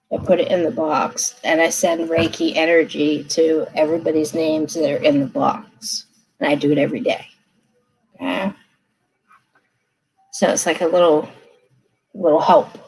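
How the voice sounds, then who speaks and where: A low, darkish voice with a breathy edge belongs to a woman doing a casual live tarot reading at her desk. She's talkative and reassuring and keeps checking in with the listener. Audio quality is poor.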